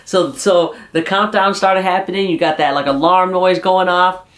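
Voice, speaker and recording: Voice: medium pitch, steady tone, normal speed, a bit bright. Chatty YouTuber recapping a wrestling show. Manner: chatty, many fillers and restarts, often laughing. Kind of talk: casual spoken recap.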